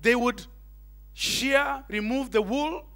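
A middle-aged man preaching a sermon, animated, tossing in Swahili asides and questions to the congregation. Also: very high voice, slow. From Kenya. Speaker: pastor.

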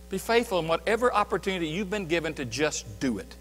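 A man preaching a sermon as pastor, emphatic, swinging between loud declarations and hushed asides. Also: on the high side, sing-song, fast, hardly any pauses, big-room sound, soft background music. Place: church sanctuary.

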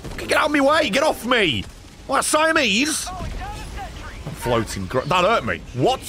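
A man streaming a co-op shooter with friends, swearing, shouting and ranting in exasperation. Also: very high voice, wildly swooping pitch, moderate pace. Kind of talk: loud excitable gaming banter. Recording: game music behind.

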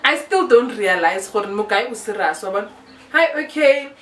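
A young South African woman with a South African accent, telling a casual story-time tale with lively, animated delivery and mixing in local words. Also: medium pitch, moderate pace, distant mic, background noise. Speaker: YouTuber. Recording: echoey room, a bit off-mic.

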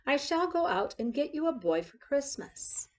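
A woman's voice: sits high, very animated, normal speed, pitched above the performer's own voice. A woman doing a kindly mother dog. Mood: gentle. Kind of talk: storybook read-aloud.

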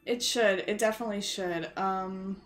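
Animated woman streamer reading chat. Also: medium pitch, normal speed. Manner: animated, swearing, laughing, reading chat aloud. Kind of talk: casual live-stream chat while gaming.

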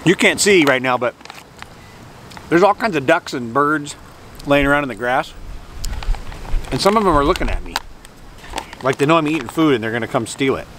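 A man's voice: mid-range voice, lively intonation, normal speed, pauses often, a bit bright, poor audio. A man rambling casually through a food review with jokey asides, sitting outdoors by the water and filming on a hand-held camera. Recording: outdoor traffic and vehicle noise.

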